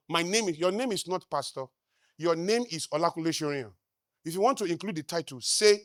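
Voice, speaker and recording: A man with a Nigerian accent giving a live motivational talk, emphatic, firing rhetorical questions at the crowd and swinging between loud declarations and quiet asides. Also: on the high side, animated, unhurried, pauses often, no room sound, studio quality. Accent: Nigerian English. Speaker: motivational speaker. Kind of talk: live stage talk to an audience.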